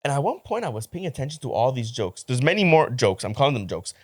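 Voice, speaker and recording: Lively man telling a story. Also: mid-range voice, quick pace. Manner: animated storytelling, quotes others in a hushed voice. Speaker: podcast co-host. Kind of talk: casual chat.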